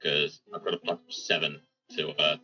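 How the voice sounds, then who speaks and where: A man's voice: very deep voice, little pitch movement, normal speed, bright, forceful tone. A man playing a tabletop game, giving brief, matter-of-fact replies. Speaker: player. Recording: lo-fi, from far off the mic.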